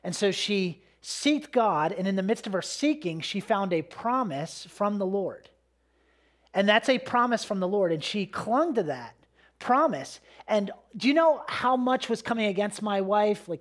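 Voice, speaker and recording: Male pastor, high voice, casual conversational sermon style, lots of fillers. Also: animated, measured pace. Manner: casual, repeats words, many fillers. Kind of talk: conversational sermon with personal story.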